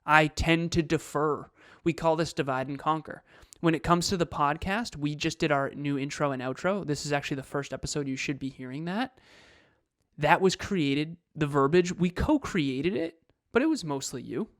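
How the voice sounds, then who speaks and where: Guy cohosting a podcast, kinda high voice, real dry close sound, earnest. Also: normal speed, a bit bright, no echo. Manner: earnest, explains with examples. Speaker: podcast co-host. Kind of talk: casual podcast talk.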